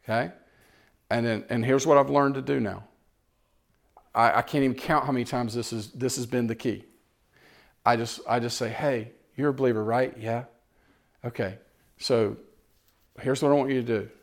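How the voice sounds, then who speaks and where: A man preaching a sermon, swinging between loud exhortation and quiet storytelling. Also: mid-range voice, moderate pace, gravelly, pauses often. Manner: animated, rising to loud exhortation and dropping to quiet, tender storytelling.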